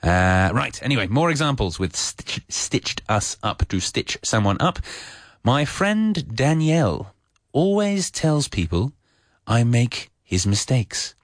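Slow, hesitant male radio English teacher. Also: mid-range voice, big pitch swings, dry recording, clean studio sound. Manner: hesitant, with many fillers and restarts. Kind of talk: unscripted radio English lesson.

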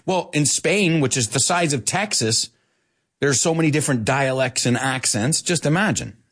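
A man hosting an English lesson in a chatty, lively way, dropping Spanish words in between and laughing often. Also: a little high, normal speed, husky. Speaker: English teacher and show host. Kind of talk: live online English lesson.

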